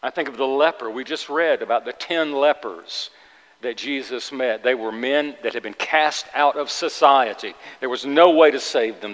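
A man's voice: medium pitch, normal speed, a bit bright. A middle-aged man preaching a sermon as pastor, earnest and emphatic, often repeating phrases for weight. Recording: long hall reverb.

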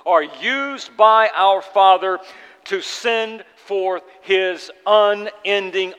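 A man preaching a sermon in an earnest, halting way, often restarting his words. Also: sits high, a bit bright. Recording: long hall reverb.

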